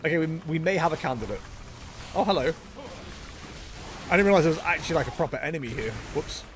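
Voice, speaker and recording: This fast-talking male livestreamer has a fairly high voice with lively intonation, and slight noise sits in the background. He chats casually as he plays, mocking himself in jokey asides.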